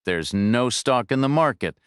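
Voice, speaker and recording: A man's voice: mid-range voice, lively intonation, moderate pace, a bit bright, smooth, no room sound, studio quality, lightly acted. A man voicing a small, frightened male business owner who pleads and sounds bewildered. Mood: scared. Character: small, scared, crumpled male company owner.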